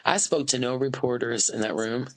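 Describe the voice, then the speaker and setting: A woman's voice: very deep voice, fairly even intonation, moderate pace, low-quality recording. A woman in her forties from the United States, a podcast guest and activist, talking candidly and earnestly in an interview, full of fillers and restarts, speaking from an office. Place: an office, indoors.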